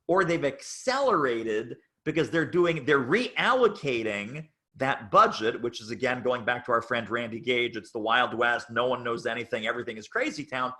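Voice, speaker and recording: A man's voice: mid-range voice, expressive, moderate pace, hardly any pauses, pushed and bright. A man giving a sales training talk at a chapter meeting, emphatic and fond of repeating phrases for effect.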